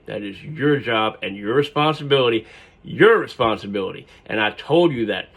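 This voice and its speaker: A man voicing a wounded, simmering male history professor who speaks slowly and quietly. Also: fairly low pitch, expressive, vocal fry, husky, full character voice. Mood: cold, wounded.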